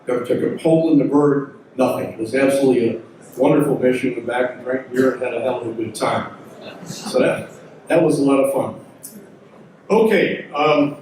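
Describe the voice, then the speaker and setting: A man's voice: mid-range voice, a little mellow, a little hiss or hum. Older man telling war stories in an echoey hall. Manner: folksy, rambling, backtracks often. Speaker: symposium speaker, veteran helicopter pilot. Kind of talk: storytelling talk to an audience. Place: large hall. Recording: echoey hall recording from far off.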